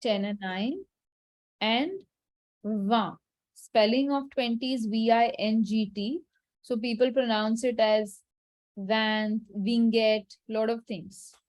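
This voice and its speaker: A woman teaching French numbers in an online class, repeating each word slowly and carefully. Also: fairly high pitch, fairly even intonation, darkish tone. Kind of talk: online language lesson. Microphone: video call.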